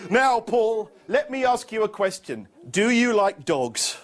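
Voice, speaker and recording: A man's voice: high-pitched, very animated, unhurried. A man performing a children's magic show, coaxing a young volunteer with playful, mock-confused patter.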